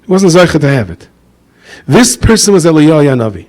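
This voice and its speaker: A male rabbi gives a storytelling Torah lecture at a brisk pace, animatedly acting out characters with big jumps in pitch. His English carries a Yiddish inflection.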